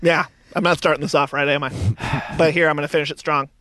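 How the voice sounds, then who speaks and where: An awkward middle-aged dad played by a man fumbles through an improvised radio comedy sketch, trying to seem cool. His voice is bright and quite high for a man. He speaks softly and keeps it dry and close. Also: steady tone, fairly quick, no room sound, natural voice. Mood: sheepish.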